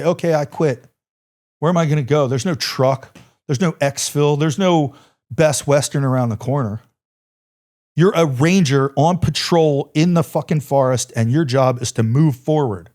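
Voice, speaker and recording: A middle-aged man whose voice runs on the high side with a darkish tone appears as a podcast guest, a former Army Ranger. He tells a war story intensely and emphatically, repeating phrases and swearing freely and bluntly.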